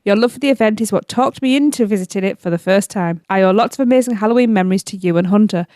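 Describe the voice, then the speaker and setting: A woman's voice: medium pitch, quick pace, a little mellow, no room sound, studio quality. A woman co-hosting a podcast, reading out listener farewell messages in a sympathetic way. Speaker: podcast co-host.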